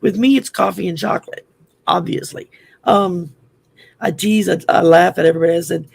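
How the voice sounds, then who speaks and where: A woman's voice: fairly low pitch, steady tone, normal speed, creaky, a little mellow, husky. An older woman from France with a French accent, hosting a rambling, chatty livestream full of ums. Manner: rambling, chatty, many ums, laughs at herself. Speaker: host. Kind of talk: casual livestream chat.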